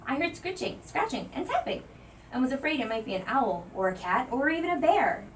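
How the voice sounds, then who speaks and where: A woman's voice: sits high, big pitch swings, brisk, a little hiss or hum. A woman voicing a timid, jumpy but kind little male mouse in a storybook reading. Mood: friendly. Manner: anxious, then hollering bravely. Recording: voice from a distance from the mic.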